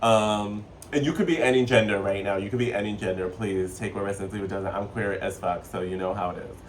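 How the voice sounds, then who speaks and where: A man giving a casual spiritual tarot reading, chatty and excitable, with a playful, sassy way of talking. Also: on the low side, a little fast, distant mic, a little hiss or hum. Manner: playful, sassy, slips into joking accents. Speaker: tarot reader.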